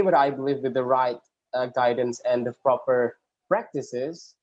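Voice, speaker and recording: A man with an Indonesian accent teaching a class on speech delivery, explaining at length with many restarts and a strong, loud voice. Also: medium pitch, unhurried, dull audio. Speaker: speech trainer.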